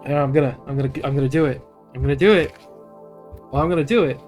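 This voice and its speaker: A man's voice: fairly high pitch, fast talker, a little mellow. Man rambling over guitar music. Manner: emotional, rambling, profane. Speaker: let's play host. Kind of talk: casual gameplay commentary.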